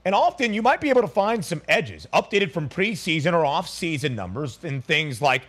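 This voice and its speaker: Guy hosting sports betting radio, animated delivery, quick with the numbers, kinda high voice. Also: slightly rough. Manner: brisk, rattles off odds and numbers.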